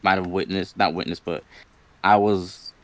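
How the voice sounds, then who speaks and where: A man with a lowish voice tells a spooky story from his own life. His delivery is loose and rambling, packed with filler words, and he acts out what he said back then. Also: steady tone, moderate pace, fairly bright tone. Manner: rambling, lots of "like" and "you know", quotes himself. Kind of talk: casual spoken storytelling.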